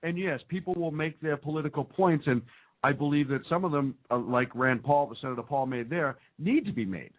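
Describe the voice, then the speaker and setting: A man's voice: a little high, a little fast. A man hosting a casual political talk show, sarcastic and fond of mimicking what others say. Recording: tinny phone-like line.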